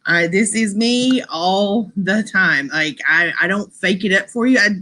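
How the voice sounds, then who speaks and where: A woman hosting a casual live stream, rambling and laughing as she chats with her viewers. Her voice is bright and forceful, at a middling pitch. She drops a friendly y'all into her talk. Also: a little slow. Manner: chatty, rambling, laughs often, says y'all.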